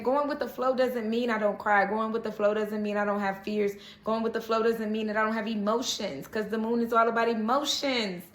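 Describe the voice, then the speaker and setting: A woman talks through a casual tarot reading in a bright, slightly high voice. She speaks in a chatty, reassuring way and keeps checking in with the listener. The room around her is echoey. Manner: chatty, reassuring, frequent "okay?" check-ins. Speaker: tarot reader. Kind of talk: casual spiritual reading to camera.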